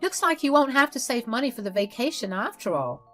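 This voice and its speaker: A woman doing a shrill haughty mother-in-law. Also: sing-song, brisk, a bit bright, soft background music. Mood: nervous, wheedling. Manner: haughty, condescending.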